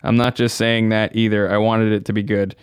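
Casting: mid-pitched man with a smooth, clear voice, rambling podcast co-host, dry sound. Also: level tone, brisk, dry recording. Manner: rambling, laughing, quotes others. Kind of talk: casual chat.

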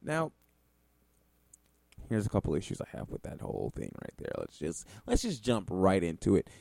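A man's voice: sits low, wildly swooping pitch, normal speed, creaky, darkish tone, dry recording. A man giving ranting commentary on music, sarcastic, profane and exasperated.

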